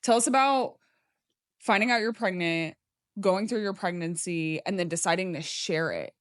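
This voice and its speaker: A young woman hosting a podcast in casual chat, talking fast and loose with lots of "like". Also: fairly low pitch, no room sound, clean studio sound. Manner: chatty, fills talk with "like". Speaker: podcast host.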